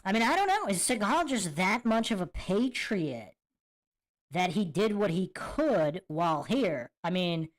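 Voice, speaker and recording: A woman's voice: mid-range voice, sing-song, measured pace. A woman hosting a podcast, reacting to clips with amused disbelief and reading out viewer comments. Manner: amused, incredulous, laughs often. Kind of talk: casual commentary with chat readouts.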